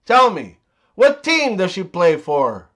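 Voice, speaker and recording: A man's voice: high-pitched, wildly swooping pitch, takes it slowly, a bit bright, faint music behind, exaggerated voice. A man voicing a mouthy man mocking his friend on a porch. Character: mouthy male porch talker.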